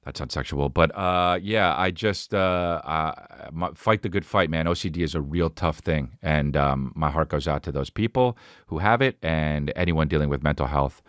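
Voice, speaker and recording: A man's voice: extremely low pitch, normal speed, clear, resonant tone, no room sound, studio quality. A man in his forties hosting a podcast, telling stories in a rambling, profane way full of restarts. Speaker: podcast host. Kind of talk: casual storytelling monologue.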